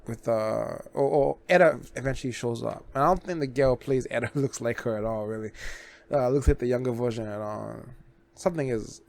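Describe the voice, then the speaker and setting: A man's voice: mid-range voice, vocal fry, darkish tone. A man hosting a reaction video, recapping a series in a loose, rambling way with restarts and casual swearing.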